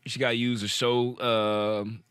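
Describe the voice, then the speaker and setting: A man hosting a podcast in casual, animated chat, often restarting his sentences. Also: mid-range voice, slow pace, clean tone, no room sound, studio quality. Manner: animated, talks through restarts and laughs. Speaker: podcast host.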